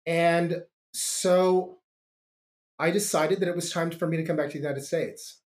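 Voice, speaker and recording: A man's voice: fairly high pitch, steady tone. Earnest middle-aged man telling his story. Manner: earnest, halting with restarts. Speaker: podcast guest. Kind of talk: reflective storytelling.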